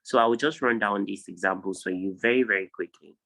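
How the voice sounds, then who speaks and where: A man teaching an online phonology lesson on a video call, drilling each word slowly and insistently correcting pronunciation. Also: lowish voice, gravelly, fairly bright tone, low-quality recording. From Nigeria. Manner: drills words, repeating them slowly for students. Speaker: English tutor.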